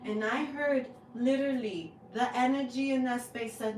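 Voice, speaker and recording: A woman talks slowly and with feeling through a tarot energy reading. Her voice sits fairly high and sounds a little distant from the mic in an echoey room. Music plays behind her. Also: steady tone, darkish tone, slight background noise. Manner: slow, heartfelt and emotional, with drawn-out words. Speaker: spiritual reader, channel host.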